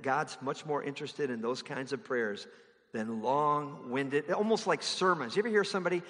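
A man's voice: mid-range voice, moderate pace, a bit bright, big-room sound. A man preaching a sermon in a conversational way, now and then mimicking others in exaggerated voices. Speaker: pastor.

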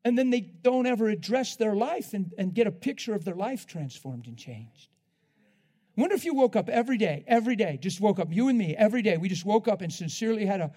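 Laughing frequently, a high-voiced man delivers a lively sermon. His lines alternate between loud, stretched-out passages and quiet, hushed moments.

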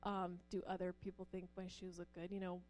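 Soft background music accompanies a woman's brisk speech. She is a middle-aged pastor's wife relating personal stories to churchgoers, performing the voices within them in an animated way, with her pitch rising on each quotation.

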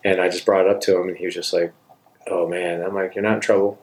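Deep-voiced middle-aged dad, casual talk. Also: male voice, fast. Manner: relaxed and conversational, with frequent "like" and "man". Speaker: father giving parenting advice. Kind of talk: casual advice talk with reenacted dialogue.

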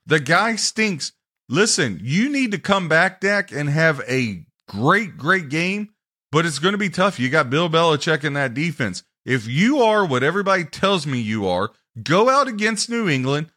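A man hosting a sports podcast, ranting and mocking teams and players in a loud, heated way. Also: fairly high pitch, big pitch swings, normal speed. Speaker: podcast host.

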